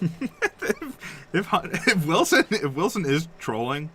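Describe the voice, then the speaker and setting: A man calls a card game match in a loose, joking way, chewing between lines. His voice is bright and forward, and a faint hum of ambience from a game store sits behind him. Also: fairly high pitch, very animated, slow. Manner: laid-back, joking, talks while eating. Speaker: game commentator. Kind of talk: casual live commentary.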